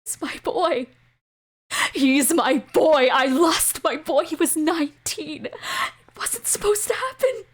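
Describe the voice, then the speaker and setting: A woman's voice: high-pitched, slow pace, voice pushed up. A woman voicing a sobbing, grief-stricken father. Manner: sobbing, pleading, breaking into cries. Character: grief-stricken father digging up his dead son.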